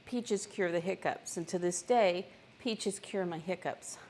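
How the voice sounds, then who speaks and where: A woman's voice: on the low side, measured pace, a little mellow, slight background noise. A woman hosting a live cooking stream from her home kitchen, chatting casually and joking at herself while she cooks. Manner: chatty and self-deprecating, talks to viewers while cooking.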